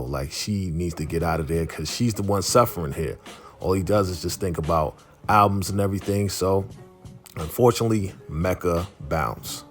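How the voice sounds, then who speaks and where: A man's voice: low voice, normal speed, soft background music. A man casually recapping a TV episode in slangy storytelling, acting out the characters' lines. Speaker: YouTube show recapper.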